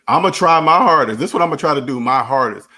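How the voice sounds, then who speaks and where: A man's voice: mid-range voice, animated, fast talker, bright, forceful tone. A man hosting a finance channel, talking in a rambling, repetitive solo monologue and acting out imagined dialogues. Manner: repetitive, restarts phrases, emphatic.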